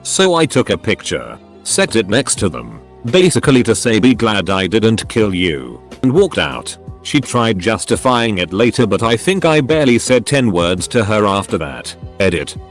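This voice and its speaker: Male storyteller, low voice with lively swings, dry conversational read, faint music underneath. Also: normal speed. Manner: dry, conversational first-person retelling. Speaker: story narrator. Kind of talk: scripted story narration.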